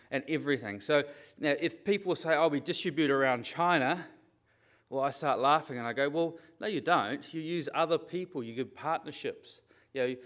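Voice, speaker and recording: A middle-aged man giving a lively, conversational conference talk and often checking in with the audience. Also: a little high. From New Zealand. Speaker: conference speaker. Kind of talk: conference presentation.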